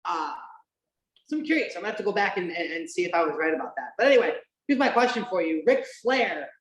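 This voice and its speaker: A woman hosts a casual watch-along podcast, rambling fast with lots of fillers, restarts and casual swearing. Her voice sits on the low side but swings widely in pitch, and the recording has a roomy echo.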